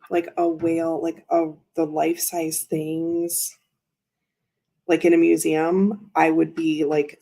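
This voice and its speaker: A woman's voice: sits low, a little mellow. A woman hosting a casual tarot livestream, rambling and interrupting herself as she talks to viewers in chat. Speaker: tarot reader and livestream host.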